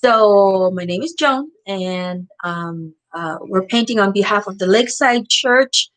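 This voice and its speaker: A woman's voice: medium pitch, measured pace, fairly bright tone, rough recording. Hesitant woman making church announcements. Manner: hesitant, with many fillers. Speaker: church art class host. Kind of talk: casual announcements.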